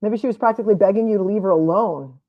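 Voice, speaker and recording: A woman's voice: mid-range voice, quick pace, dull audio. Sarcastic woman commentating a trial. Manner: sarcastic, skeptical asides. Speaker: legal commentator streaming a trial. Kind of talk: live commentary over trial footage.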